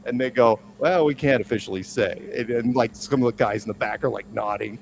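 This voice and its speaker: A man co-hosting a podcast, telling a long story in a rambling, animated way with lots of restarts. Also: mid-range voice, brisk, creaky. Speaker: podcast co-host. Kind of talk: casual storytelling chat.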